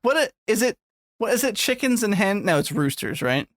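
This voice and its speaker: A man's voice: high voice, sing-song, normal speed, dry recording, studio quality. Crude, joking man on a podcast. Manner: crude, joking, rambling, laughs often. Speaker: podcast co-host. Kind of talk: casual chat.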